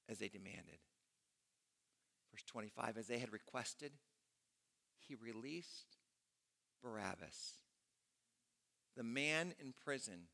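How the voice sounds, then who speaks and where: Male pastor, dramatic sermon delivery, lively pitch swings, slow and deliberate. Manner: dramatic storytelling, swinging from loud to hushed.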